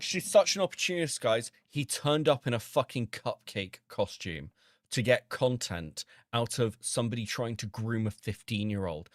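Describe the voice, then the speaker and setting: A man's voice: mid-range voice, a bit bright, no room sound, studio quality. A man hosting a drama channel stream, reacting to comments in a heated, profane rant.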